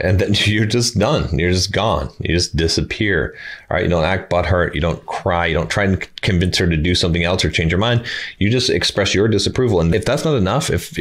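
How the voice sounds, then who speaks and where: A man giving blunt dating advice to his viewers in a casual monologue, acting out quoted lines. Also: a bit bright. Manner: blunt, emphatic, acts out quoted lines with higher pitch.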